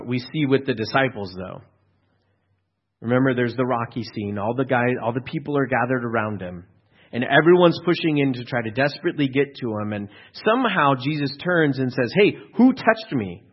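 A man's voice: medium pitch, expressive, normal speed, slightly rough. A male pastor giving a sermon in a conversational, storytelling way, asking his listeners rhetorical questions. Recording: dull lo-fi recording.

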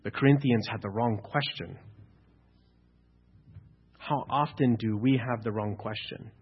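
Guy preaching a sermon, kinda husky, gets loud and pushy at points, muffled lo-fi sound. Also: on the low side, a little slow. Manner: preaching with rising, emphatic exhortation. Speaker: pastor.

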